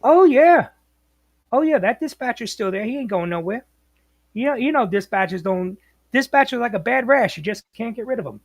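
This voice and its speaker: A man, a former bus operator telling stories as a podcast guest in a lively, slangy way. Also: very high voice, moderate pace, gravelly, dry recording. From New York, US. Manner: animated, slangy, acts out quotes. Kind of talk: casual storytelling.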